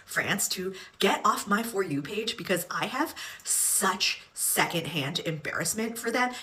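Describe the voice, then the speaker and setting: A woman's voice: on the low side, sharp tone. A woman ranting in a casual vlog, exasperated and emphatic.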